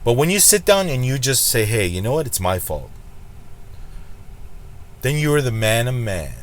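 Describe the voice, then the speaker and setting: A man hosting a slots channel, talking in a blunt, preachy way and hammering points home by repeating them. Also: medium pitch. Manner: blunt, preachy, emphatic repetition. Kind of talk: casual vlog commentary.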